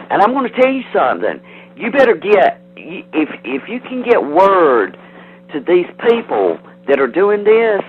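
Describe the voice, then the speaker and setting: Guy ranting over a tinny phone, voice jumping all over, repeats himself, warns and threatens. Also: mid-range voice. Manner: defensive, threatening, rambling with restarts. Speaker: prank call target. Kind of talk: heated phone call. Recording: tinny phone line, faint hiss.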